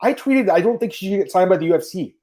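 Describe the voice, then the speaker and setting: A Canadian man hosting a podcast, talking fast and emphatically and calling his listeners "guys". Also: high voice, animated, darkish tone. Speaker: podcast host. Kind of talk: casual podcast chat.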